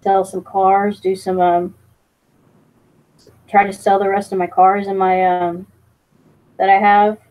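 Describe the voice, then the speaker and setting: A woman's voice: medium pitch, flat delivery, slow pace, long pauses, darkish tone, rough recording. Joking woman streamer chatting live. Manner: teasing, jokey, reads chat aloud; fillers and restarts. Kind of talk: casual live-stream chat.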